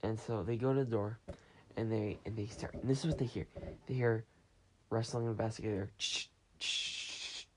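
A podcast host with a lowish voice and fairly even intonation talks briskly, retelling a story in a meandering way full of restarts and acted-out quotes. It's a casual show recorded on a phone, with background noise.

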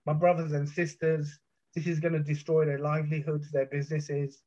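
A man's voice: fairly high pitch, flat delivery, normal speed, dark tone. A middle-aged man from the United Kingdom, a podcast guest, intensely retelling a personal ordeal with vivid detail, restarts and swearing. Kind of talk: emotional first-person storytelling. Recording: muffled, dull podcast audio.

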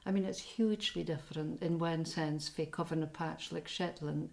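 A woman's voice: low voice, fairly even intonation, normal speed, vocal fry, a little mellow. A woman interviewer asking probing, lightly teasing questions.

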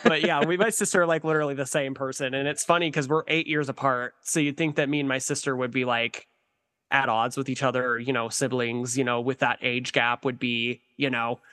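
A man chatting as a podcast guest, excitable and laughing often, with casual swearing. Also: mid-range voice, a little fast. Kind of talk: casual chat.

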